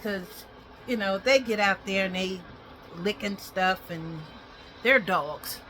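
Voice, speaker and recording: A woman's voice: mid-range voice, slow, bright, forceful tone, slight background noise. A woman chatting casually in a home vlog while brushing her dog's teeth, rambling and switching to coaxing baby talk. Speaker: dog owner vlogger.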